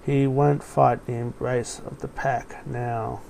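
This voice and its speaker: A man's voice: mid-range voice, little pitch movement, slow, creaky, a little mellow, a little hiss or hum, rough recording. A man voicing an obedient wolf-man packmate who answers plainly and deferentially.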